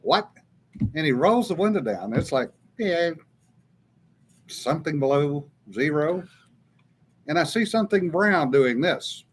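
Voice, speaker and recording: A man's voice: fairly high pitch, sing-song, a little slow, long pauses, a little hiss or hum. A man, co-hosting a casual live chat, telling stories and reading out viewer comments between laughs. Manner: storytelling, drawling, laughs often. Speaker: co-host.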